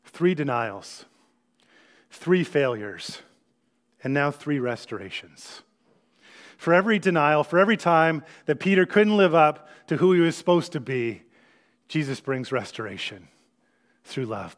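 Male pastor, slightly high voice, storytelling sermon delivery with hushed scripture readings. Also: lively intonation, a little slow, long pauses.

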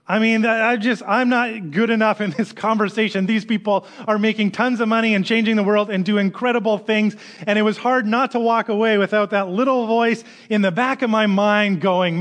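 A man's voice: high voice, fairly even intonation, fairly quick, fairly bright tone. A man who is a minister, giving a conversational sermon that opens with a personal story. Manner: conversational storytelling with quoted voices.

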